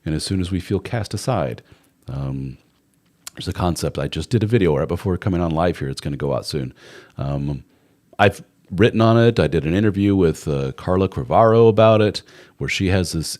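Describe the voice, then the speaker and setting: A man's voice: low voice, animated, brisk, darkish tone. A man hosting a live relationship advice stream, talking casually and bluntly, with some swearing and playful mock voices for the people he quotes.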